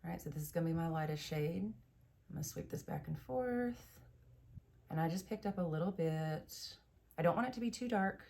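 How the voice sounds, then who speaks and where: A woman's voice: on the low side, normal speed, gravelly, warm tone. A woman hosting a makeup tutorial, chatty and enthusiastic, explaining each step as she goes. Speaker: beauty vlogger.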